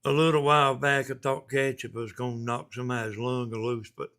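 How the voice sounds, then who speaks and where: A man's voice: medium pitch, flat delivery, fairly quick, a bit bright. A man with a Southern US accent hosting a casual live stream, reading viewer messages and rambling in a folksy way.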